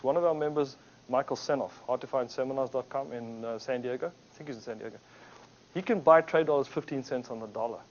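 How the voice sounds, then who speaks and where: A man giving an anecdotal business talk to a group, acting out the people in his stories. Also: mid-range voice. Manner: animated storyteller, acts out quotes. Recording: dull lo-fi recording.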